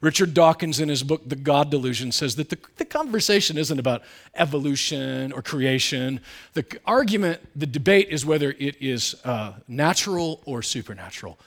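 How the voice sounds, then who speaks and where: A man preaching a sermon in a conversational, candid way, full of asides, who swings between loud emphatic bursts and quiet low asides. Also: animated, moderate pace. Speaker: pastor.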